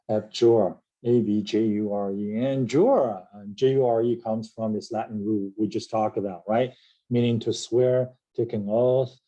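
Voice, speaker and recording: A middle-aged man teaching vocabulary in an unhurried, measured way, with a low, mellow voice. He explains word roots and spells each word out letter by letter. He keeps checking in with "right?" and fills his pauses with "uh". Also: dull audio. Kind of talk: recorded vocabulary lesson.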